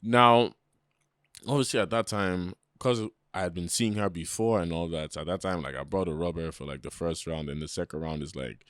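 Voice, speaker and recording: Animated young man. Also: low-pitched, moderate pace, dry recording, clean studio sound. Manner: animated storyteller, slangy, acts out quoted voices. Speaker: podcast co-host. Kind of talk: casual storytelling chat.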